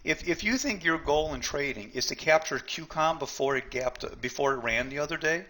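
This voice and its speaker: A man's voice: fairly high pitch, expressive, normal speed, bright, forceful tone. A man teaching a live trading seminar, blunt and emphatic, often repeating himself and talking straight to the group.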